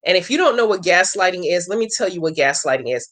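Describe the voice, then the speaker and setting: A woman hosts a Q&A vlog, answering viewer questions in casual, blunt and profane chatter. Her voice is lowish and a bit bright, and she's animated and fast, telling stories packed with examples.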